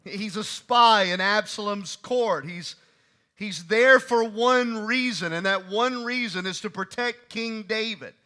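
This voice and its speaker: A male preacher delivering an emphatic sermon, repeating key phrases and swinging between loud and soft. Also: sits high, takes it slowly.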